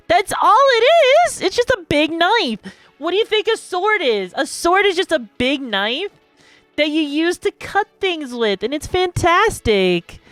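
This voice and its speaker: A woman chats loosely with her viewers during a live stream, bubbly and rambling, talking to chat and drifting into asides. Her voice is high-pitched, fairly bright, and smooth, recorded on a dry close mic with no room sound and faint music behind.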